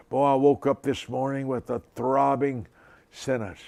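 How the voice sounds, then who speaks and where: A man in his seventies delivering a sermon, preaching with deliberate, repetitive emphasis and personal stories. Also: mid-range voice, fairly even intonation, creaky, darkish tone, dry recording. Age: 70s. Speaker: televangelist preacher.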